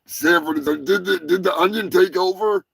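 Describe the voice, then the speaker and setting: A man hosting a live show, rambling crudely and joking between news items. His voice sits somewhat high with a gravelly fry. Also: moderate pace, fairly bright tone, no room sound. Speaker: podcast host. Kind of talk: casual live show commentary.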